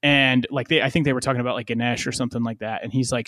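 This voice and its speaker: A man's voice: mid-range voice, steady tone, rapid-fire, a bit bright, dry recording, studio quality. A man in casual conversation, talking in a loose, rambling way with many fillers and restarts.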